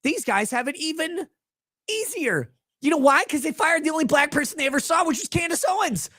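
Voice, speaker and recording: A man in the middle of a profane reaction rant. He is angry and mocking, and his voice jumps from shouts down to low mutters. The sound is dry and close, with no room around it. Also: lively intonation, fairly quick, no room sound. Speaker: host reacting to clips.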